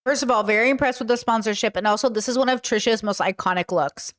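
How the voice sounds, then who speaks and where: A woman's voice: on the high side, fast, a bit bright, soft background music. Chatty woman giving reaction commentary. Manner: chatty, opinionated, advice-giving. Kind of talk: casual commentary.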